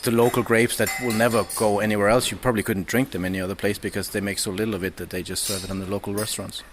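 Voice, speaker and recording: Low guy, halting casual chat, bit of hiss and clicks. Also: little pitch movement. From Denmark. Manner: halting, many restarts and fillers. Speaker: podcast guest. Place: indoors, over drinks.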